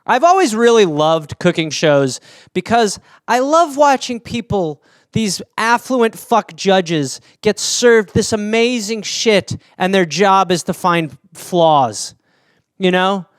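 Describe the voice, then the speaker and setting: A man from Wisconsin riffs alone on his podcast, talking in a rambling, jokey way. His voice sits fairly high and swoops up and down with lively energy. The sound is dry and close to the mic. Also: slow, smooth, dry recording. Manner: rambling, jokey, slips into silly high-pitched character voices. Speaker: podcast host. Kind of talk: solo comedic riffing on listener topics.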